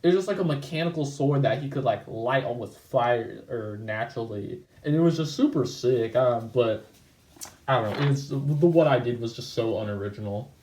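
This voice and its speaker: In casual commentary on his channel, a man walks through an old comic of his, rambling with plenty of fillers, "like"s, restarts and self-corrections. He speaks at a moderate pace in a mid-range, somewhat mellow voice, and the audio is poor, with an echoey room.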